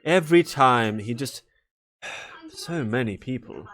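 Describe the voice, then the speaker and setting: A man's voice: mid-range voice, expressive, slow pace, fairly bright tone, faint music behind. Brief: a rambling, sighing male adventurer, voiced by a man in a tabletop game. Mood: exasperated. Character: gossiping, exasperated male adventurer.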